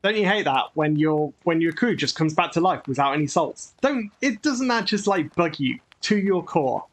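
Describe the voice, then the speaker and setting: A man's voice: on the high side, normal speed. A man hosting a gaming channel, giving chatty, grumbling, self-mocking commentary as he plays. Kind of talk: gameplay commentary.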